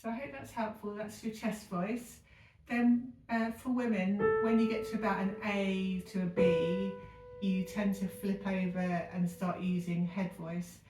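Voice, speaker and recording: A woman teaching a singing lesson, explaining calmly with frequent ums and demonstrating exercises herself. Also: medium pitch, a little slow. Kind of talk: vocal technique lesson with sung demonstrations. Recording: echoey room, voice a bit far from the mic, piano faintly behind.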